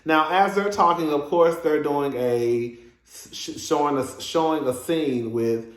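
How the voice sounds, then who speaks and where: A man's voice: on the high side, a little slow, reverberant. A man giving a sassy, gossipy review of a reality show episode, with lots of laughing asides. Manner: sassy and animated, with frequent laughs and "girl". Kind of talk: casual gossipy commentary.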